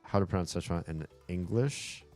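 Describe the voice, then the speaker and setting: A man streaming live and chatting casually with his viewers, animated and talkative, often laughing and cursing. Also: low-pitched, normal speed, soft background music. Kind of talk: casual livestream chat.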